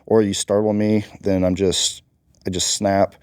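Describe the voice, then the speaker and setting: Interview guest, man, Marine combat veteran, very low and dark voice, blunt and emphatic. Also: fairly even intonation, moderate pace, no room sound, studio quality. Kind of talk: candid interview talk.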